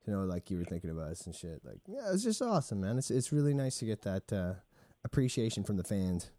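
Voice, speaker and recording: Low-ish guy on a podcast, hesitant, voice jumps around a lot. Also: big pitch swings, fast talker, warm tone, dry recording. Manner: hesitant, laughs often. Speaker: podcast co-host. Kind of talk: casual chat.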